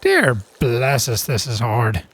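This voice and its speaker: A man's voice: mid-range voice, wildly swooping pitch, slow, fairly bright tone. Chatty man playing a game. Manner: chatty, self-deprecating, exclaims with gasps when surprised. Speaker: gaming channel host. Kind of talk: casual gameplay commentary.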